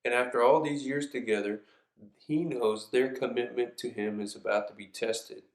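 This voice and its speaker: A man's voice: mid-range voice, steady tone, normal speed. A man preaching a sermon in an earnest, reflective way, reading scripture aloud in a church. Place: church sanctuary. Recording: echoey room.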